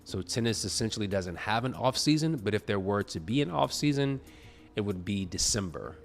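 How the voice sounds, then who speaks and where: A man with a very low voice chats about tennis in a loose, rambling way, stumbling and restarting his sentences. He sounds a little sleepy, and faint music plays behind him. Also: expressive, brisk, gravelly. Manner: rambling, self-correcting, chatty. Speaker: tennis video creator. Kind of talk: casual tennis talk to camera.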